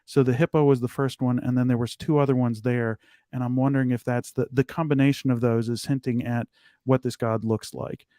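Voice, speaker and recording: Mellow-voiced man explaining casually. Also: mid-range voice, little pitch movement, brisk, dry recording, clean studio sound. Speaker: podcast co-host. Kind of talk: casual discussion.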